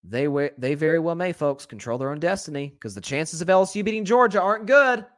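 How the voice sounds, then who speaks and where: A man delivers a solo sports talk monologue in a slightly higher-than-usual voice, recorded dry with no room echo. He is opinionated and candid, speaks to his listeners as folks, and corrects himself on the fly. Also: expressive, a bit bright. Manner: conversational with quick self-corrections. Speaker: sports podcast host.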